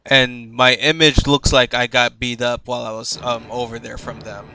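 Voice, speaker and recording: A man playing at a tabletop game, calmly describing his character's moves in a matter-of-fact way. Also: mid-range voice, normal speed, soft background music. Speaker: player. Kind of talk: casual chat at a game table.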